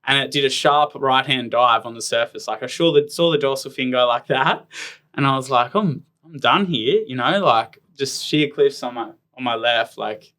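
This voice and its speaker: A professional ironman athlete from Tasmania, Australia, in his thirties, spins rambling, "like"-heavy stories as a casual interview guest. His voice is mid-range, bright, forceful and clean.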